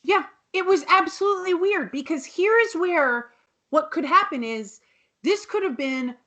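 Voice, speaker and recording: A woman's voice: extremely high pitch, expressive, a little slow, pushed and bright, dull audio. A woman co-hosting a podcast, casually and rambly recapping a TV episode with many restarts. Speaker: podcast co-host.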